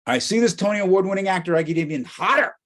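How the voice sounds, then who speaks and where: A middle-aged man with an American accent, giving an animated storytelling talk as a guest speaker. He swings from quiet asides to near-shouts. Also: sits high, fast. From United States.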